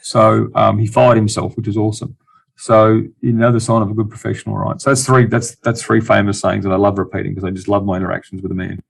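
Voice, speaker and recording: A man's voice: lowish voice, flat delivery, fast talker, creaky, breathy edge. A middle-aged Australian man, an investor guest in a casual interview, talking bluntly with many restarts and dry jokes.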